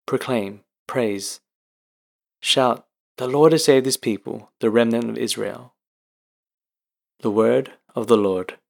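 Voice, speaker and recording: A man's voice: medium pitch, takes it slowly, vocal fry, pauses often, a little mellow. A man reading scripture and responses at Mass in a solemn, formal manner. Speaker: lector. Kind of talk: liturgical reading.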